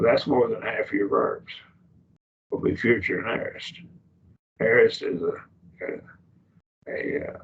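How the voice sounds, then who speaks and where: A man teaching a Bible study class, lecturing slowly with restarts and rhetorical questions, recorded by a distant mic in a church classroom. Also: lowish voice, breathy edge, lo-fi sound.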